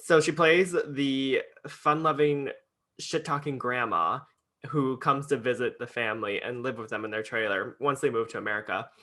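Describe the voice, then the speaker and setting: Chatty young man with a bright voice. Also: medium pitch, fairly even intonation, moderate pace. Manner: chatty, lots of fillers and laughter. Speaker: podcast co-host. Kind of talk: casual chat.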